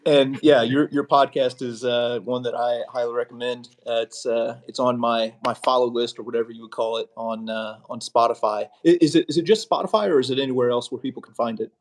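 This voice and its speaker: A man's voice: mid-range voice, fairly even intonation, fairly quick, few pauses. A man hosting a casual video call chat, friendly and thankful, with stammering restarts. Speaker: host.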